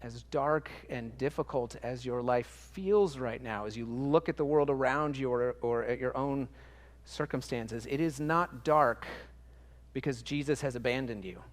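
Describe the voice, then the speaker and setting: A man's voice: mid-range voice, measured pace, big-room sound. A man preaching a sermon in church, earnest and emphatic, stacking up repetitions and restarting phrases as he works through a thought. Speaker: pastor.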